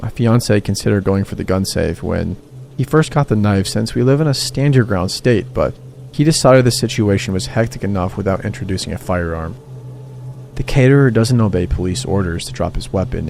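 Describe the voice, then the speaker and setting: A man narrating a true horror story in a steady, even storytelling read. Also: lowish voice, gravelly. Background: background music.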